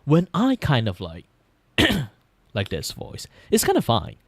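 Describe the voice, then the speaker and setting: Speaking slowly with huge swings in pitch, this young Malaysian-accented vtuber has a medium-pitched voice recorded with no room sound. He draws on stream while rambling casually, swearing often and laughing frequently.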